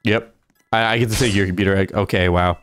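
A man livestreaming a video game, chatting casually and reacting out loud as he plays. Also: deep voice, steady tone, quick pace, faint music behind. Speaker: gaming streamer. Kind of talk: casual live gameplay commentary.

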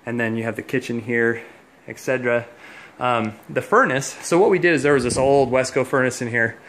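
A man's voice: medium pitch, brisk, fairly bright tone. A man giving a casual walkthrough of a home install, chatty and a little out of breath, explaining as he walks. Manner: chatty, explains on the move with many fillers. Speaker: heating contractor giving a walkthrough. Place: house, indoors and outdoors.

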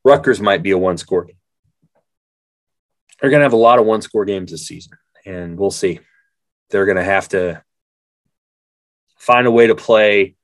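Deep-voiced man in blunt sports chat. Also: dry recording. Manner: blunt, rambling with restarts. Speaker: sportswriter podcast co-host.

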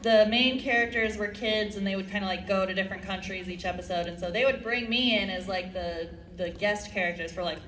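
A woman's voice: mid-range voice, brisk, few pauses, a bit bright. A woman in her thirties, a voice actress on a convention panel, chatting casually and poking fun at herself between laughs. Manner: self-deprecating, laughs between stories. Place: convention hall stage. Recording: echoey hall, distant mic.

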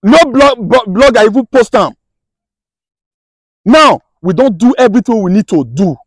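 A man's voice: sits high, lively intonation, normal speed, breathy edge, no echo. A man with a Nigerian accent, a vlogger urgently pleading with viewers to share his appeal for help. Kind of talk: impassioned appeal to camera.

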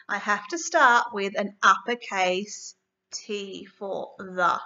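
A woman teacher reading a story aloud and leading a writing lesson for young children, clear and expressive. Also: medium pitch, slow. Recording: echoey room from far off, dull.

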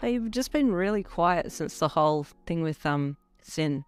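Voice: medium pitch, expressive, normal speed, clean tone, soft background music, natural voice. A reader voicing a loyal, upbeat young man who talks in a casual, chummy way. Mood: friendly.

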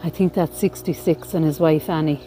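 A woman vlogger strolls through a graveyard outdoors, giving a leisurely walking-tour commentary and reading headstone inscriptions aloud along the way. Her voice sits low with a dark, steady tone, and faint music plays in the background.

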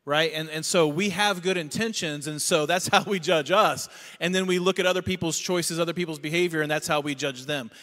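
Middle-aged male pastor, storytelling sermon, slightly high, bright tone, echoing church hall. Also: fairly quick, few pauses. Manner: storytelling, animated when recounting. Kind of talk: conversational sermon. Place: church auditorium. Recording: long reverb of a church hall.

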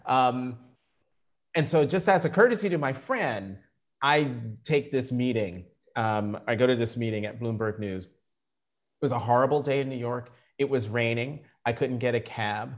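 A middle-aged man telling career stories in an interview, animated and acting out the quotes. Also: mid-range voice, moderate pace. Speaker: journalist guest. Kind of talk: storytelling interview.

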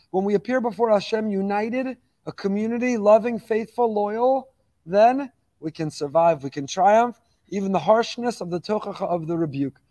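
A rabbi delivering a Torah lecture in a fairly high man's voice. He talks quickly, piling phrase on phrase, and pushes his exhortations with mounting passion. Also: darkish tone. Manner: fast-talking, admits reading quickly; impassioned, exhorting with rising emphasis.

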